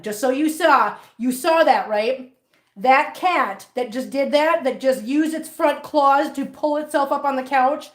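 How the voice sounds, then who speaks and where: A woman with a fairly high-pitched voice runs a cat channel, chatting casually and baby-talking to her kittens in a sing-song tone. She records in her hardwood-floored living room, and the room is echoey.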